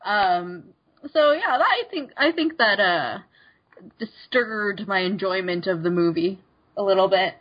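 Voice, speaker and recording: A woman co-hosting a podcast in casual chat, speaking in a hesitant, halting way. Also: mid-range voice, expressive. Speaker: podcast co-host. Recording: slightly dull recording.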